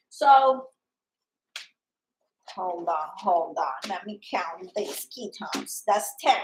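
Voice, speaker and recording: A woman from Colombia with a Colombian Spanish accent, chatting casually and excitedly about a wellness product, acting out customers' lines. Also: mid-range voice, slow, pauses often, a little hiss or hum, low-quality recording. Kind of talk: casual livestream chat.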